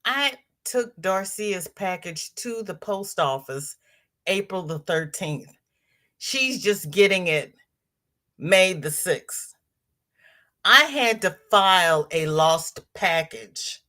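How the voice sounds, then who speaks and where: A woman in her sixties hosting a casual crochet livestream, chatting warmly with viewers and greeting them by name as she reads the chat. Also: lowish voice, animated, slow pace. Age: 60s.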